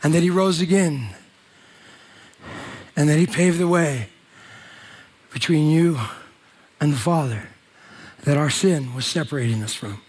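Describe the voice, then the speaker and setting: A male pastor with a high, bright voice preaches with lively energy. He jokes and teases the congregation, then swings up into near-shouting emphasis. His delivery is loose and conversational. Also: measured pace, pauses often, slightly rough. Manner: animated, joking with the congregation. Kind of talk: sermon. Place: church hall.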